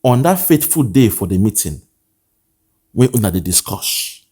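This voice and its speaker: With a lowish, mellow voice edged with breathiness, a man with a Nigerian accent gives a very animated political monologue at normal speed. He preaches repetitively and rhetorically as an online commentator, shifting into pidgin now and then.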